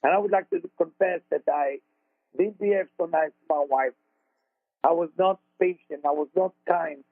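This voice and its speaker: A man's voice: fairly high pitch, normal speed, no room sound. A man with an Israeli accent, hosting a spiritual talk radio show and telling a personal story in an earnest, repetitive, conversational way. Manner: earnest, repeats words, loose grammar. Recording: dry phone-like radio audio.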